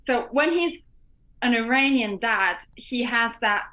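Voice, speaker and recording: A woman musician, a guest in an interview, speaking thoughtfully and haltingly. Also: on the high side, expressive, pushed and bright. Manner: hesitant, thoughtful, often restarts. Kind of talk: casual interview.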